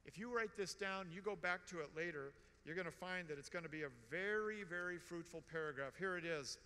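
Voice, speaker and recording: A man in his sixties giving a storytelling conference talk in a large hall, animated and joking, with emphatic repetition. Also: sits high, fairly quick, clear, resonant tone. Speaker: conference speaker. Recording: long hall reverb.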